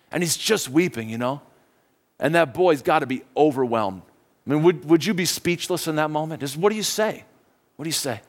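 Man, preacher, sermon storytelling, conversational, animated, somewhat high pitch. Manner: conversational, animated, asks questions.

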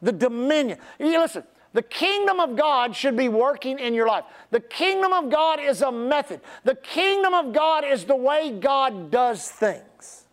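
High-voiced preaching pastor. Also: male voice. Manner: preacherly, drawn-out emphasis, audience call-and-response. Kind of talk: sermon.

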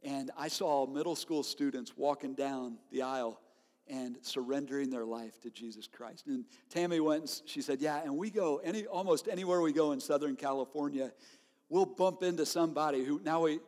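A man preaching a sermon as a pastor, telling stories in an animated way and laughing often. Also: a little high, normal speed. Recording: long hall reverb.

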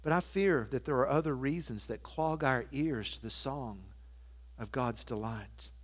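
A man preaching a sermon, quoting scripture and hymn lines and moving from loud emphatic declarations to soft, intimate asides. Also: mid-range voice, measured pace. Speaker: pastor.

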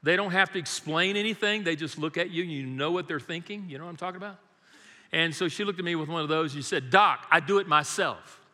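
A man's voice: on the high side, fast talker, bright, forceful tone. An older man, a great-grandfather, preaching a sermon in a church, praying and telling folksy, humorous family stories. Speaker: guest preacher. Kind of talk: sermon with prayer and storytelling. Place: church sanctuary. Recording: long reverb of a large hall.

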